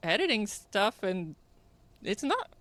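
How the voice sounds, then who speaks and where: A woman's voice: mid-range voice, very animated, takes it slowly, a bit bright, no echo. Chatty Canadian woman hosting a podcast. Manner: chatty, laughs often, self-mocking. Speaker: podcast host. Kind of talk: casual chat.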